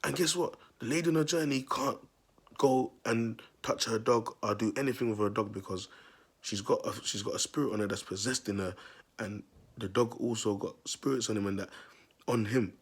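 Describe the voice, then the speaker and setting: A man tells a long, rambling story straight to his viewers. His voice sits low and sounds rough and husky. He talks in street slang, repeats phrases and keeps asking if they get him. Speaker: self-styled prophet vlogger.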